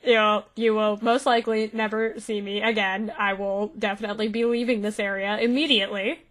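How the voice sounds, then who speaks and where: A woman's voice: mid-range voice, flat delivery, brisk, a bit bright, close to an everyday voice. A woman voicing a nervous, evasive male poacher in a tabletop game, speaking hesitantly.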